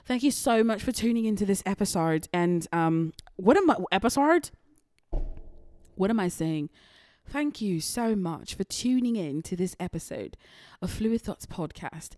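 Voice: medium pitch, expressive, a little slow, darkish tone, lightly acted. A podcast host putting on a jokey British accent for a mock posh sign-off. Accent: British, put on.

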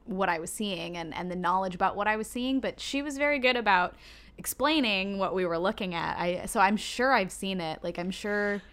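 A woman's voice: mid-range voice, normal speed, a bit bright. A woman hosting a podcast, chatting casually and encouragingly in a reflective way. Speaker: podcast host. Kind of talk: casual chat.

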